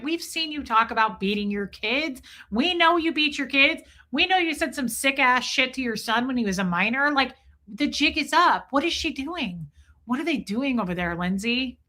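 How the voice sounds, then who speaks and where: Bright, sharp-voiced woman gossiping on stream. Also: a little high. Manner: profane, animated, acts out quotes. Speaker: livestream host. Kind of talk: gossip commentary livestream.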